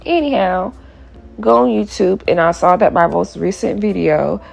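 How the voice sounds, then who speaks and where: A woman's voice: fairly low pitch, expressive, moderate pace, vocal fry, a little mellow, soft background music. A woman in her twenties hosting a solo podcast, chatty and playful, riffing and laughing as she talks. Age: 20s. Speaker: podcast host. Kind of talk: casual solo podcast chat.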